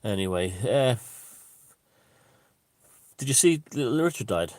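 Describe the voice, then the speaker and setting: A man's voice: medium pitch, animated, unhurried, long pauses, a little mellow, dry recording. A man hosting his own video channel, talking in a rambling, profane off-the-cuff monologue with frequent restarts.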